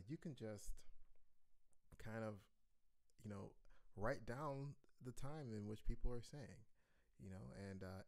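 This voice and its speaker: A man teaching an online music lesson in a playful, animated way, chanting rhythms aloud. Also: fairly low pitch.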